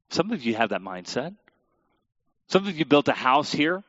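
A man's voice: medium pitch, sing-song, normal speed, a bit bright, no room sound. Male pastor, chatty sermon delivery, dull dry recording. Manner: conversational, self-deprecating asides to the congregation.

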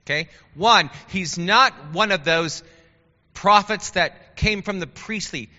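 A man teaching a Bible class in a chatty, animated way, asking his listeners questions. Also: high voice, slow. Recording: dull lo-fi sound with long hall reverb.

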